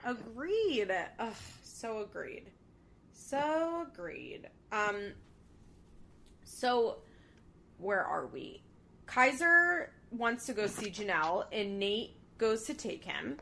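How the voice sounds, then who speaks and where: A woman's voice: mid-range voice, very animated, takes it slowly, vocal fry, pushed and bright. A woman co-hosting a casual chat, animatedly retelling scenes with lots of filler words. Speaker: podcast co-host recapping a reality show.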